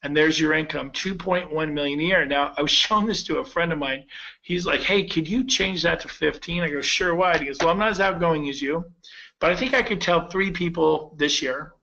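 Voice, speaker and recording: A man in his fifties giving a persuasive sales pitch to real estate agents, telling stories with quoted dialogue. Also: bright, forceful tone, muffled recording. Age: 50s.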